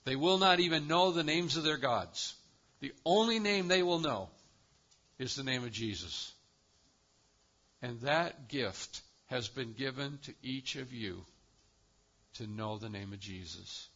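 A man's voice: medium pitch, expressive, a little slow, a bit bright, muffled recording. A man preaching a sermon as pastor, with an emphatic cadence that rises and falls.

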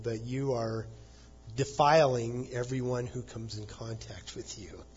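A man's voice: medium pitch, fairly even intonation, a little slow, dull audio, faint music behind. A man preaching a sermon, explaining scripture conversationally and acting out quoted lines with a chuckle. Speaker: pastor.

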